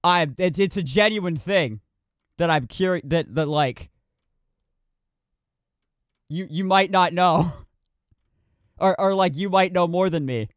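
A man's voice: high-pitched, takes it slowly, pauses often, no echo, clean studio sound. A man giving casual commentary while streaming a video game, rambling and often restarting his sentences. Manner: rambling, self-correcting with many restarts.

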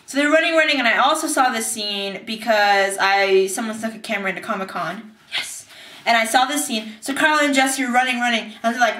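A woman's voice: on the high side, fairly quick, bright, forceful tone, roomy sound, far from the mic. A young woman recapping a TV episode in a casual vlog, bubbly and acting out scenes in silly voices. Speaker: TV recap vlogger. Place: bathtub.

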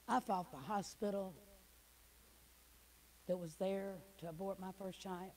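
A middle-aged woman, a guest speaker giving an emotional church testimony that swings from hushed to loud. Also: medium pitch, fairly even intonation, a little slow, poor audio. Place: church hall.

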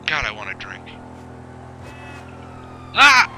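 A man's voice: on the low side, huge pitch swings, slow pace, bright, forceful tone, a little hiss or hum, poor audio. A man giving rambling, sarcastic gameplay commentary, swearing often and talking to himself as he plays. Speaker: gameplay video host.

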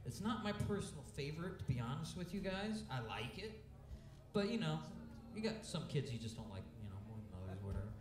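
A man's voice: fairly high pitch, very animated, a little fast, distant mic, noisy background. A man from Central Illinois, a rock band frontman, bantering loosely between songs and swearing casually. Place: live music venue. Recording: roomy live stage with loud music.

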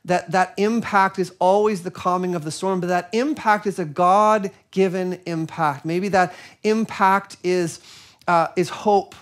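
A man giving a sermon, telling a personal story in an earnest, reflective way with soft pauses. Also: high-pitched, steady tone. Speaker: preacher.

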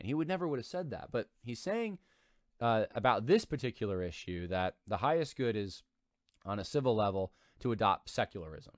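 Guy reading an article and ranting about it, pitch jumps all over, dry close mic. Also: brisk, no echo. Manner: animated, emphatic, repeats himself. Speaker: commentary channel host.

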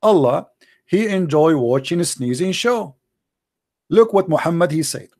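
A man's voice: on the high side, animated, measured pace, a little mellow. A man giving mocking commentary, sarcastic and mock-incredulous. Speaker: debater hosting a call-in style talk.

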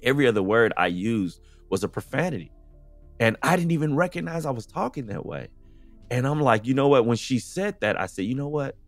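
A man's voice: mid-range voice, expressive, brisk, no room sound, soft background music. A man from the United States, a podcast guest, speaking in a casual, earnest conversational way and often saying "you know".

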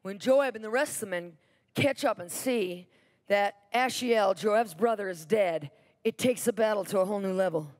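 A woman preacher retelling a Bible story in a sermon, animated and repetitive for emphasis. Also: medium pitch, normal speed.

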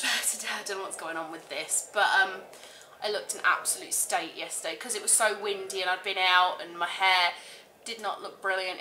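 Woman, casual vlogger, gushing and chatty with lots of fillers, bright voice, echoey room. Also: mid-range voice, slight background noise. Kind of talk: casual chat to camera.

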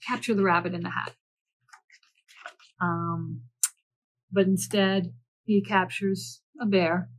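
A woman children's librarian presenting and reading picture books aloud in a gentle storytelling manner with playful asides. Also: mid-range voice, husky, poor audio.

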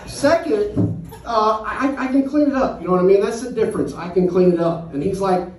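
A man's voice: high-pitched, expressive, normal speed, reverberant, far from the mic, crowd noise, rough recording. A man doing a crude stand-up set in a comedy club, acting out an argument with his dog. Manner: crude, acts out voices of his dog and friends. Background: audience laughing.

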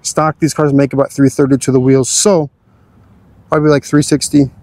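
A man's voice: mid-range voice, flat delivery, normal speed, a little mellow, no room sound. A young man hosting a car channel, giving an easygoing, chatty walkthrough of his car's features.

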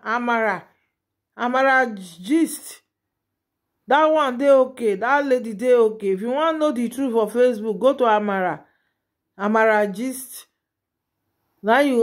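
A woman with a Nigerian Pidgin accent giving chatty, exclamatory gossip commentary straight to her viewers as a vlogger. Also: fairly high pitch.

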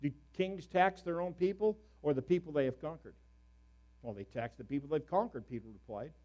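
A middle-aged male pastor preaching a sermon with a fairly high voice. He tells stories in an easy way and breaks into sudden loud, animated bursts. His voice leaps up in pitch when he gets excited. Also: brisk, highs cut off.

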